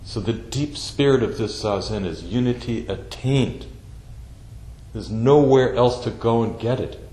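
A man giving a slow, deliberate Zen dharma talk, repeating phrases for emphasis. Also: medium pitch, warm tone. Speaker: Zen teacher. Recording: echoey room with faint background noise.

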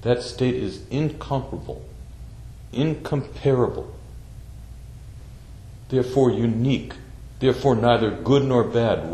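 A man giving a slow, deliberate Zen dharma talk, repeating phrases for emphasis. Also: fairly low pitch, dark tone. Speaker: Zen teacher. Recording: echoey room with faint background noise.

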